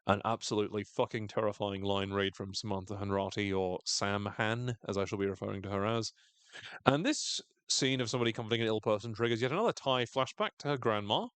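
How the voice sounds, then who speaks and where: A man co-hosting a casual podcast recap, animated and jokey, acting out lines in quick silly voices. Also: on the low side, smooth, no room sound. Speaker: podcast co-host.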